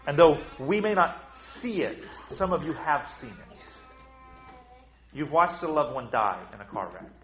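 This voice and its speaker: A man's voice: a little high, lively intonation, measured pace, roomy sound, highs cut off, soft background music. A man preaching a sermon with emphatic delivery, often repeating words as he restarts. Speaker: pastor.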